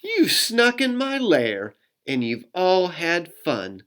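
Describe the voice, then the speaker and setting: Pastor reading as a big grumpy storybook bear, sulky and complaining, slow. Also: mid-range voice, huge pitch swings, a bit bright, voice pushed up, heavily acted. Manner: grumbling, plaintive. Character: big sulky bear who missed the party.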